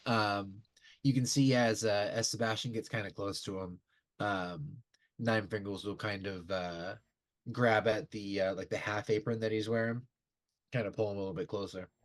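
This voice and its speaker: A man narrating as game master, halting with many fillers. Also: fairly low pitch, fairly even intonation, no room sound.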